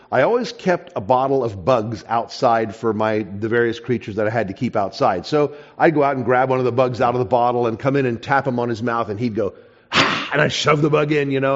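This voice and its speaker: A man in mid pitch tells a story to an audience as part of a creationist talk, animated and building up to emphatic points. He drops into a soft, hushed voice when quoting himself. The recording is dull and slightly muffled. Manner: animated storyteller, softens for quoted asides. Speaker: creationist speaker.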